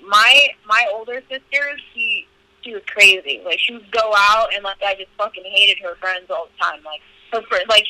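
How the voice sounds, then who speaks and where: A young woman talks through stories on a podcast, candid and profane, with "like" in every other phrase. Her voice is very bright and forward. The sound is dry and close, with no room in it. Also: mid-range voice, dry recording, low-quality recording. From California. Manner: candid, profane, lots of "like" fillers. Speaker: podcast guest. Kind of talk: casual storytelling interview.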